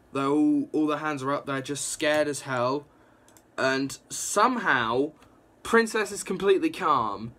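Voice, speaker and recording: A young man casually reviewing a comic book, rambling and excitable, with lots of fillers and restarts. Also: a little high. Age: young adult.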